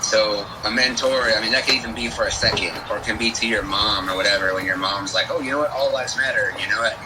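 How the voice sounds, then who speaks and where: A man speaking as a guest in a casual conversation, relaxed and full of fillers. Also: fairly low pitch, fast talker, distant mic, heavy background noise. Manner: relaxed, talks through with many fillers. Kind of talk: casual chat.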